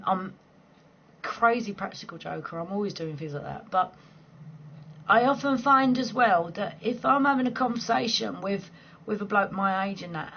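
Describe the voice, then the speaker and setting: In her 40s, this livestream host chats with viewers late at night from home, playful and casual, swearing freely and laughing a lot. Her medium-pitched voice is fairly bright but husky, and the recording sounds muffled.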